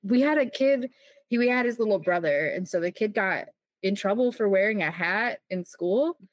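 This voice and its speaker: A woman's voice: mid-range voice, expressive, moderate pace, no room sound. A woman hosting an interview podcast, candid and frank, speaking casually and laughing along with her guest. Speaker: podcast host, teacher.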